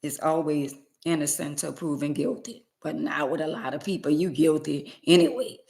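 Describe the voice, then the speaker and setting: Gravelly low-voiced woman preaching to viewers. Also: normal speed, a little mellow. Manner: preachy, emphatic, repeats points; plain-spoken, uses y'all. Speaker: vlogger. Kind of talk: casual monologue to viewers.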